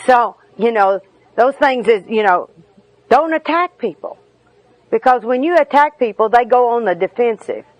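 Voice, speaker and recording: A woman's voice: fairly high pitch, animated, normal speed, dry recording, poor audio. A middle-aged woman giving a candid, humorous personal talk at a recovery meeting.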